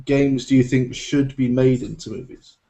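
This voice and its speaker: A man's voice: mid-range voice, steady tone, moderate pace, warm tone. Hesitant British man on a podcast. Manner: hesitant, many ums. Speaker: podcast co-host. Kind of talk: casual podcast chat.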